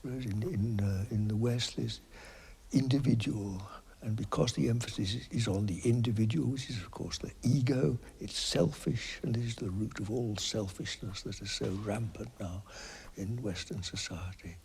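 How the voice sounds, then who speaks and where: A man speaking in a reflective interview, slow and hesitant with many pauses, his phrases trailing off into a breathy near-whisper. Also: on the low side, darkish tone. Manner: thoughtful, with many pauses and fillers.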